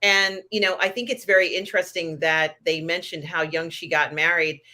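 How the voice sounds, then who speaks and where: A woman co-hosting a casual pop culture chat, recapping in a measured, thoughtful way. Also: on the low side, fairly even intonation, bright, forceful tone. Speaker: co-host.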